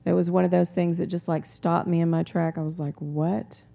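A woman preaching a sermon in a calm, conversational way, weaving in personal stories. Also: fairly low pitch, brisk, gravelly.

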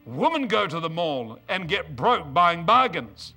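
A man's voice: a little high, measured pace, faint music behind. A middle-aged man preaching a sermon, mixing scripture reading with joking stories about married life. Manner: humorous, storytelling, animated asides.

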